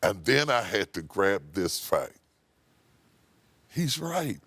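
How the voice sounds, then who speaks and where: Emphatic preacher telling a story. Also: male voice, low voice, animated, measured pace, a bit bright, dry recording. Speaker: bishop. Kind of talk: interview storytelling. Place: TV studio.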